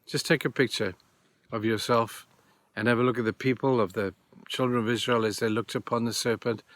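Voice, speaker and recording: A man's voice: mid-range voice, steady tone, fairly quick, fairly bright tone, dry recording. A man giving a short devotional talk, earnest and plain, repeating key phrases for emphasis. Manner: retells scripture stories in plain everyday words. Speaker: church speaker giving devotions.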